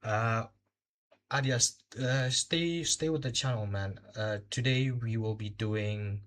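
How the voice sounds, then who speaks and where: A tired, sleep-deprived young man from Botswana hosts a casual live race watch-along recap; he has Indian heritage and speaks Hindi as his first language. His medium-pitched, fairly bright voice moves slowly, hesitant and full of fillers as he fumbles for words. A little hiss or hum is audible.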